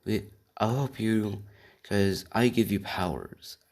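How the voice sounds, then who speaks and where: A blunt, matter-of-fact male alien symbiote, as a man puts him on. The voice sits a little low and talks in a plain, casual way. It hardly changes from the narrator's own. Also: slow, a little mellow. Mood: calm.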